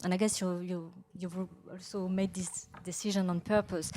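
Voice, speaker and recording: A woman's voice: on the low side, flat delivery, normal speed, hardly any pauses, mellow. A woman with a French accent moderating a panel debate, asking questions politely and a little hesitantly.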